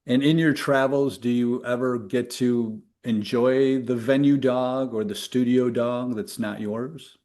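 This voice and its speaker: A man hosting a casual podcast interview, upbeat and running through quick questions. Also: mid-range voice, fairly even intonation, a little mellow. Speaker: podcast host.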